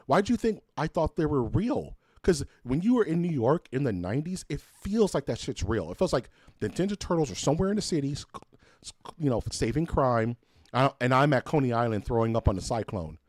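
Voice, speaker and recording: A man's voice: mid-range voice, big pitch swings, brisk, no room sound, clean studio sound. A man co-hosting a podcast, telling loose, profane stories in casual chat. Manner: loose storytelling, swears freely, puts on voices for quotes. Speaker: podcast co-host.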